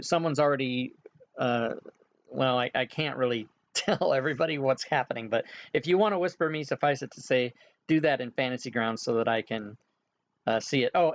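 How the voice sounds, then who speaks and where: Recorded with a lo-fi quality, this man's medium-pitched voice belongs to a game master. He gives casual setup instructions to players during an online game, with plenty of filler sounds along the way.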